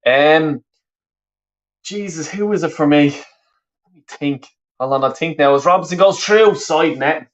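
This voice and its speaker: A man with a slightly high voice speaks at a measured pace, pausing often, and the audio sounds dull. He has a Dublin Irish accent but comes from the west of Ireland, and he's streaming a football watch-along, commentating live and reading viewers' comments aloud. His chat is casual and rambling, full of swearing and restarts.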